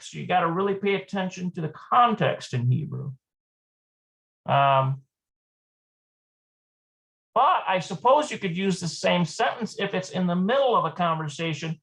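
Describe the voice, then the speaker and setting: A Hebrew teacher giving a live online lesson, thinking aloud, hesitant and repeating words slowly. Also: medium pitch, vocal fry, a bit bright.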